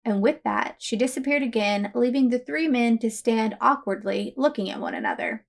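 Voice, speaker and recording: A woman narrating fan fiction aloud, in a steady storytelling manner. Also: a little high, normal speed, vocal fry.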